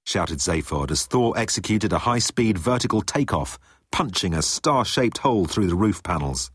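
A man reading a story aloud as narrator, in a lively storytelling way. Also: low-pitched, normal speed, husky, no room sound, studio quality. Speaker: audiobook narrator. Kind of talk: scripted narration.

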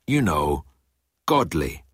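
Smug showoff thunder god, read by a guy, deep husky voice, dry. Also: sing-song, slow, a bit bright, no room sound, full character voice. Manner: casual, self-satisfied. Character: boastful showy thunder god, male.

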